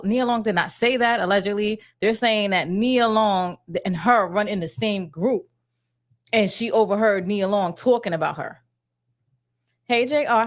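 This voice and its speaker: A woman hosting a casual celebrity gossip vlog, blunt, slangy and sassy, talking straight to her viewers. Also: medium pitch. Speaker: gossip vlogger.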